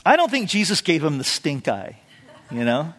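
A man preaching a sermon with a fairly high voice, telling the story casually and leaning on "you know" asides. He acts out quotes with a lifted voice. The sound carries a long reverb, as from a large hall. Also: very animated, normal speed, a bit bright. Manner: conversational storytelling, acting out quotes with a raised voice. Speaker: pastor.

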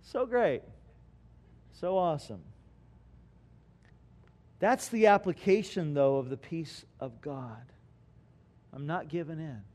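High-voiced, unhurried preaching man. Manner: preaching with dramatic swings between quiet and loud; asks the congregation rhetorical questions. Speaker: pastor. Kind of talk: sermon.

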